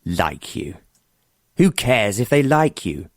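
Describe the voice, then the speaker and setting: A domineering bully from a period romance audiobook, sneering and emphatic, as a male narrator plays him. Low-pitched and harsh, recorded dry and close. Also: big pitch swings, slow, no room sound, full character voice.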